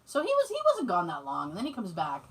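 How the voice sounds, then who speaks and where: A woman co-hosting a podcast, telling a story in casual chat, animated and swearing freely. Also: lowish voice, fast talker, slightly rough, far from the mic, low-quality recording. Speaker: podcast co-host.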